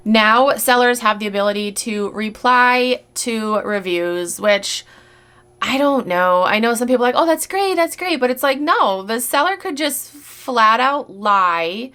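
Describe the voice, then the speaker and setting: A woman's voice: fairly high pitch, measured pace, sharp tone, smooth. A woman vlogger who resells goods, talking casually and bluntly, swearing freely and sounding exasperated. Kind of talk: casual rant commentary.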